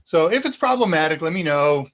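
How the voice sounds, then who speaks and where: A man's voice: fairly high pitch, expressive, brisk, a bit bright. An American man hosting a live tech Q&A stream, chatting casually and rambling with frequent ums, speaking into a cheap USB microphone. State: slightly dizzy and foggy. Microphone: cheap USB desk microphone.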